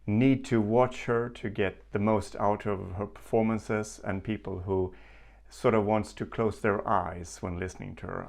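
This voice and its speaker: A man hosting a music reaction video, talking in a slow, thoughtful and hesitant way with many pauses. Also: on the low side, gravelly. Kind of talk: casual spoken reaction. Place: home setup with headphones.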